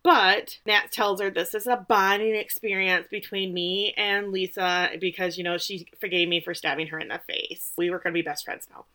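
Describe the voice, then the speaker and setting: Woman co-host with a bright forceful voice, chatty tv recap, keeps jumping into the characters' lines. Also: lowish voice, moderate pace, hardly any pauses. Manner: animated storytelling, acting out characters' lines. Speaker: podcast co-host. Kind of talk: casual TV episode recap.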